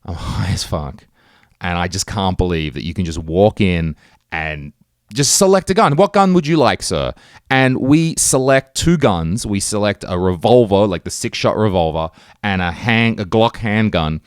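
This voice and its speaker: A man telling a comic story on his own podcast, profane and animated, jumping into high-pitched exclamations. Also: moderate pace, clean tone, no echo, clean studio sound. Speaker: podcast host. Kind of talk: solo comedic storytelling.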